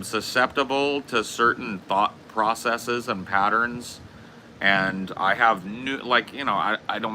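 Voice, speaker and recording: A man's voice: deep voice, sharp tone, slight background noise. A man streaming live, ranting casually with lots of swearing and repeating himself. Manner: profane, rambling rant; frequent coughing. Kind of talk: casual livestream chat.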